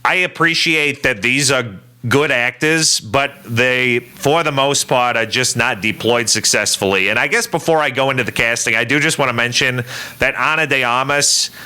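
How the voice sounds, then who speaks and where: A man co-hosting a podcast, giving a measured, opinionated movie critique in casual chat. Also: mid-range voice, bright, forceful tone, clean tone. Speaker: podcast co-host.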